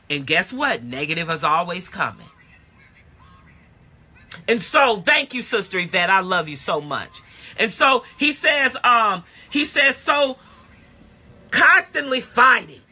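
A woman's voice: high voice, pushed and bright, husky. A woman pastor giving a live-streamed sermon, blunt and colloquial, repeating phrases in rhythm and often bursting into emphatic exclamations. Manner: blunt and colloquial, speaks directly to listeners. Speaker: pastor and prophetic teacher.

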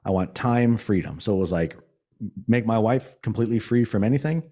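A man with a low, dark, mellow voice tells a raw personal story. He talks bluntly and swears freely, and he slows down hard when he wants a point to land. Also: expressive. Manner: blunt and profane, emphatic, sometimes slowing to stress points. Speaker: podcast guest.

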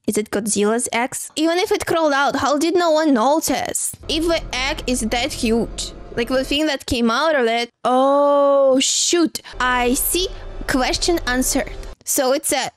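A woman's voice: high voice, a little slow, soft background music. A woman hosting a movie reaction, chatting casually and exclaiming at what she watches. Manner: excitable, gasping and exclaiming at the screen. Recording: film soundtrack playing behind.

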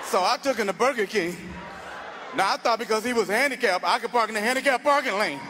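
A man doing stand-up comedy on a stage with a handheld mic, loud and animated, laughing at his own stories. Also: high voice, fast talker, a little hiss or hum.

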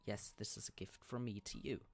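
A man's voice: lowish voice, fairly even intonation, a little fast, gravelly, faint music behind. A man streaming a video game, casually muttering and chanting little sing-song lines about what he is doing. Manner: sing-song, hums and chants his actions; playful, muttering to himself.

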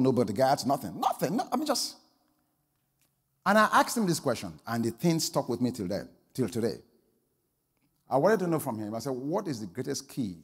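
A pastor preaching a sermon, telling a story that swings from quiet asides to loud exclamations. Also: male voice, medium pitch, husky, in a large hall.

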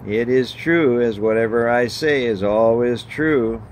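A man voicing God as an ancient, weary male deity who speaks gruffly and loses his temper. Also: medium pitch, a little slow, darkish tone, slight background noise, natural voice. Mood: stern. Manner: gruff and irritable.

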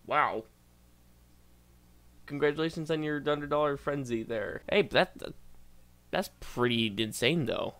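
A man's voice: fairly high pitch, unhurried, pauses often, fairly bright tone. A man doing casual reaction commentary as a YouTuber, reading posts aloud, stumbling over words and bursting out in disbelief.

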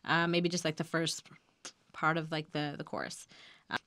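A woman's voice: low voice, level tone, normal speed, a bit bright, no echo. A woman hosting a lyrics breakdown, talking casually with frequent giggles and filler ums. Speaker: host breaking down song lyrics. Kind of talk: casual commentary.

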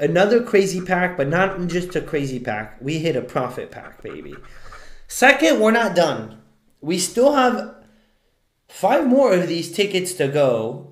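Hyped-up guy scratching lottery tickets on a live stream, kinda high pitched, roomy echo, yells when he wins. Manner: excitable, yells at big wins. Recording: echoey room.

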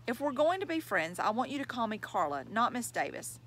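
A woman reading the part of a kind school counselor who speaks gently and reassuringly. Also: on the high side, big pitch swings, brisk. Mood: gentle.

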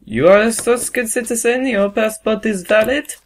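A man's voice: high-pitched, moderate pace, pitched above the performer's own voice. A man doing a barking, pompous border inspector. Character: zealous patriotic male border inspector. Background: game music.

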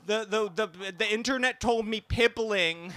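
A comedian performing a live stand-up set in a small cafe, camp and self-deprecating, with jokey asides. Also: male voice, high-pitched, measured pace, background noise.

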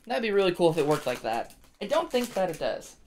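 A woman's voice: fairly low pitch, very animated, a little fast, a little mellow, slight background noise. A woman hosting a card-opening video, chatting to viewers in a chatty, self-deprecating way. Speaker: card-opening channel host. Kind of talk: casual chat while opening card packs.

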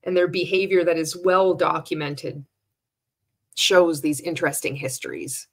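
A woman's voice: low voice, fairly even intonation, unhurried. A woman commenting on a sales video, sarcastic and blunt, swearing freely. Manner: sarcastic, blunt, swears often, laughs between remarks. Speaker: commentator reacting to a sales pitch. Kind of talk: casual commentary.

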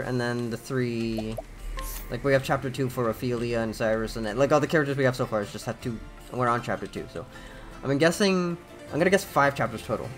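A young man talking through his game in loose, casual commentary. He is laid-back and profane, thinking aloud as he goes, with faint music in the background. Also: mid-range voice. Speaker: gaming channel host. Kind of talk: casual let's-play commentary.

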